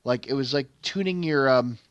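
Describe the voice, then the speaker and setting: A man's voice: mid-range voice, normal speed, clean tone, no room sound. A young adult man hosting a game channel, telling a long stage story in rambling casual commentary, full of fillers and restarts. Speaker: gaming channel host.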